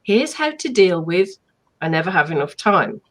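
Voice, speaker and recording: A woman's voice: fairly low pitch, moderate pace, low-quality recording. A woman co-hosting a self-help live stream, speaking in an emphatic, affirming way over a video call. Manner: emphatic, affirming, animated delivery.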